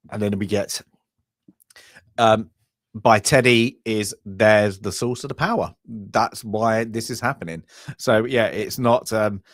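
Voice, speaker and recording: A man's voice: fairly low pitch, no room sound, clean studio sound. A man co-hosting a casual film discussion, rambling and trailing off as he recalls scenes. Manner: rambling, trails off, quiet laughs. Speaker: film review co-host.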